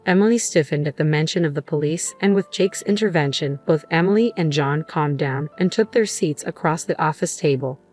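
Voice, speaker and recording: A woman reading a first-person story aloud in a calm, even voice. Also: low voice, a little fast, few pauses, faint music behind. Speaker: narrator.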